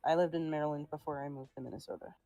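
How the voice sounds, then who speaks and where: A woman's voice: low voice, fairly even intonation, racing, dark tone, no room sound. A young woman chatting casually while drawing on a stream, laughing and swearing now and then. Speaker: streamer making art.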